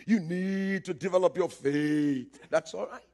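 A man preaching a sermon with great passion, telling a story, calling out to the congregation and rising to shouts. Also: sits high, unhurried. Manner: impassioned, building to shouts, calls for audience response. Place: church service, streamed live.

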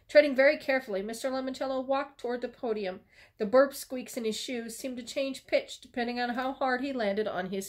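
A woman librarian reads a children's chapter book aloud, telling it with lively expression and occasional small stumbles she corrects. Her voice sits on the higher side, close to the microphone. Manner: lively storytelling with small slips and restarts.

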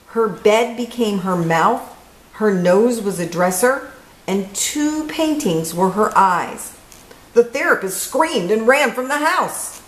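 A woman reading a children's picture book aloud as host, with expressive story-time delivery. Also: medium pitch. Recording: echoey room.

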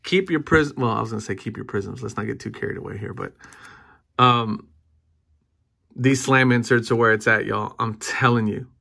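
A man in his thirties giving excited, casual commentary while opening trading card packs, often repeating himself and breaking into cheers. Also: fairly low pitch, normal speed, creaky.

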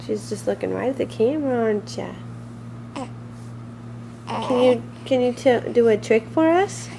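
High slow mom voice, sing-song baby talk, home camcorder video. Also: female voice, lively intonation, gravelly, background noise. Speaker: mother. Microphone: handheld camcorder.

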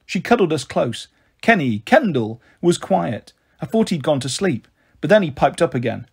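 A man reads a story aloud with a steady, expressive delivery. His voice is fairly high for a man and has a husky grain to it. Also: normal speed. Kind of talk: audiobook reading.

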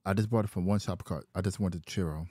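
Low voiced guy going off on a rambly vlog rant, dry close sound. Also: fairly even intonation, quick pace, warm tone, dry recording. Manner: rambling, repetitive complaining. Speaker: vlogger. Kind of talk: casual rant.

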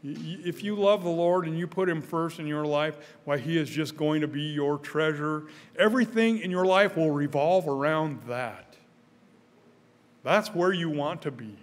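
High-voiced older man preaching, stammering repeats. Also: normal speed. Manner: earnest, repeats his words, rises in pitch and volume when stirred. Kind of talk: sermon. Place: church sanctuary. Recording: church hall with long reverb.

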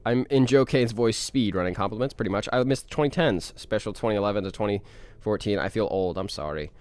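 A man's voice: lowish voice, brisk, a little mellow, dry recording. A young man livestreaming a game, chatting casually, reading chat aloud and playing up dramatic moments for fun. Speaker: streamer and animator.

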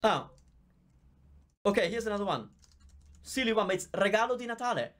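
A man's voice: high voice, lively intonation, moderate pace, fairly bright tone. A man with an Italian accent, a native Italian teacher giving a live online Q&A lesson, explaining patiently and chatting as he reads out viewer comments on a visible microphone. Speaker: language teacher.

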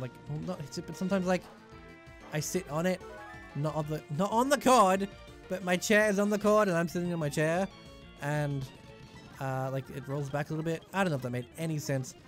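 A man's voice: a little high, a little fast, soft background music. A young man giving rambling, jokey commentary while he plays a video game. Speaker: let's play gamer. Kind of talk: casual gameplay commentary.

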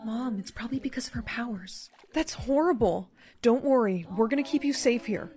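High-voiced young woman acting a skit. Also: moderate pace. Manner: expressive, gasping surprise. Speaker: storyteller. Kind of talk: POV skit storytelling.

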